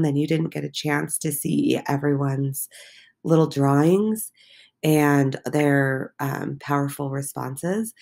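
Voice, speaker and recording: A woman's voice: low-pitched, creaky, darkish tone. A woman teacher walking her middle school class through the day's posts, encouraging, with many filler ums. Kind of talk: recorded class walkthrough.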